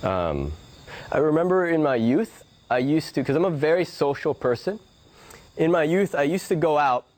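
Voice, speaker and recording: A man's voice: a little high, normal speed. A man who is a guest, telling reflective stories in conversation and laughing often. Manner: animated, laughing storyteller.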